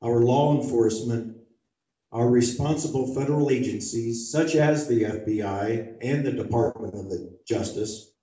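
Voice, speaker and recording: A man delivering a prepared statement at a community meeting, measured and deliberate, making forceful demands. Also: medium pitch. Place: large community meeting hall. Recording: dull, echoey hall recorded from far off.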